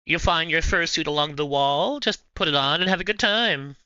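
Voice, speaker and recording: A man's voice: fairly high pitch, normal speed, pushed and bright, clear, resonant tone, dry recording, muffled recording. A man hosting a livestream, casually chatting with viewers in a playful, rambling way. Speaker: livestream host. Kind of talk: casual chat answering viewers.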